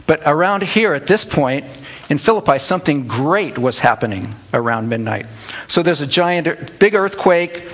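A man's voice: a little high, normal speed. A middle-aged man, a pastor, giving an informal Bible teaching to a church group, conversational and calling on listeners by name. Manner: conversational, addresses listeners by name, animated asides.

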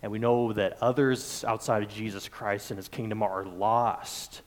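A man's voice: lowish voice, steady tone, moderate pace. A male pastor preaching a sermon, building his points through repeated phrases and lists.

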